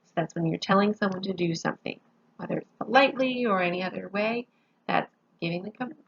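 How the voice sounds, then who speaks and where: A woman's voice: medium pitch, quick pace, vocal fry, dull audio, a little hiss or hum. A woman teaching a grammar lesson, patiently explaining each point step by step with examples, sounding sleepy. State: sleepy, yawning.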